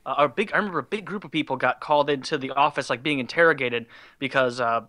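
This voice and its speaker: A man's voice: medium pitch, quick pace, pushed and bright, dry recording. A young man casually telling stories on a podcast, swearing freely and acting out the people he quotes. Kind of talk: casual storytelling chat.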